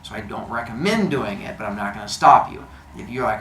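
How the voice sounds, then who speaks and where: A man's voice: on the low side, a little fast, fairly bright tone, slight background noise. A man teaching a class, giving quiz instructions in a playful, jokey way with silly made-up words. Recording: echoey classroom, faint ambience.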